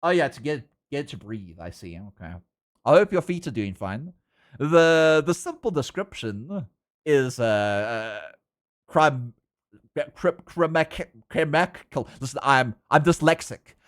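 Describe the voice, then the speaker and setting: A man, chatting casually with his live-stream viewers while drawing, laughing often and getting animated. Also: medium pitch, a little slow.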